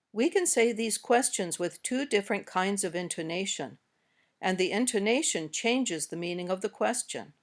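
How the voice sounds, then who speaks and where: A woman with an American accent narrating a scripted English lesson, slowly modeling example sentences. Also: mid-range voice, animated. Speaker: English teacher.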